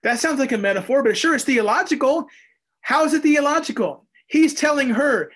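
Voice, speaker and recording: A man preaching a conversational Bible teaching, animated and acting out little voices as he goes. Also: very high voice, normal speed. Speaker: pastor. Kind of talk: expository sermon.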